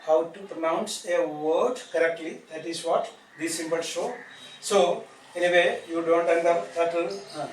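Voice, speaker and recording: A man teaching an English grammar class, repeating points and asking tag questions to check understanding. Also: sits high. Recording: echoey room from far off, faint noise.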